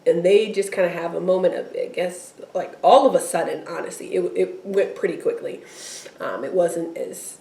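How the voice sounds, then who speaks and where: A woman co-hosting a casual recap chat, animated and acting out characters' lines in quick playful voices. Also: fairly low pitch, creaky. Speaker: podcast co-host recapping a TV episode. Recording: echoey room, far from the mic.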